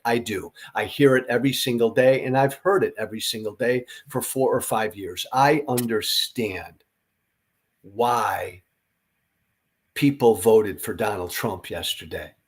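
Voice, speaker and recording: A middle-aged man delivers a political commentary monologue at a slow, deliberate pace, his voice tired after a night without sleep. He speaks earnestly and emphatically, blunt enough to throw in the odd swear word. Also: on the low side. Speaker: podcast host.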